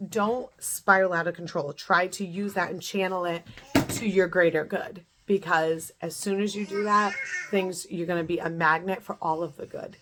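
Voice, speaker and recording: A woman in her thirties talks straight to camera in a home vlog, her voice sitting a little low. She gives an earnest, repetitive pep talk, leaning hard on the words she wants to land. A faint hiss of noise sits behind her. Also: steady tone, normal speed, a bit bright. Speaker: beauty vlogger. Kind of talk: casual motivational talk to camera.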